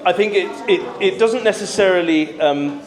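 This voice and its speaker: A man, coaching singers through a diction workshop in a calm, encouraging way. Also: sits high, normal speed, over loud music. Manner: patient, encouraging coaching with sung demonstrations. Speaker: choir director leading a diction workshop. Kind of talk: singing workshop instruction. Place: hall at a conference. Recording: echoey hall.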